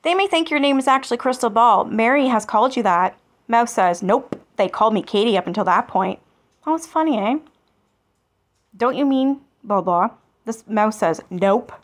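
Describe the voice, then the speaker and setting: A woman's voice: on the high side, expressive, brisk. A woman hosting a commentary channel, reading online comments aloud and answering them with sarcasm and swearing. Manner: sarcastic and scornful, swears freely.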